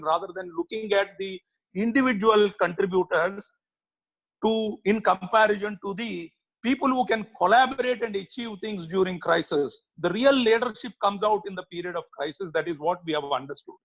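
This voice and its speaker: A high-pitched man speaks earnestly as a panelist on a video call. His voice has a gravelly, creaky texture. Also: a little fast, fairly bright tone, low-quality recording. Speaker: panelist, business leader. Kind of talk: panel discussion.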